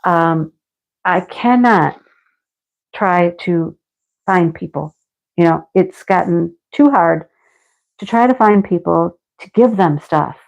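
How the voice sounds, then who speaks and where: A woman's voice: fairly low pitch, slow pace, creaky, long pauses, darkish tone. Chatty woman host, lo-fi stream audio. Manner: chatty and rambling, laughs often, a little snarky. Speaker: craft livestream host. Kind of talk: casual livestream chat, answering viewer comments. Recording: dull lo-fi home stream audio.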